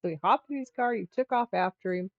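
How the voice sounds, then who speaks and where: A middle-aged woman chats casually on her livestream, rambling through her story with lots of restarts and half-finished phrases. Her voice sits at a medium pitch. The sound is dry and a little dull. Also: fast, no echo. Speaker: livestream host. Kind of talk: casual chat.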